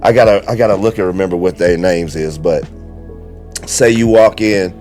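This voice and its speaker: Animated storytelling man. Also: sits low, moderate pace, faint music behind. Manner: animated storyteller, acts out quoted lines. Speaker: guest comedian. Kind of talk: casual storytelling chat.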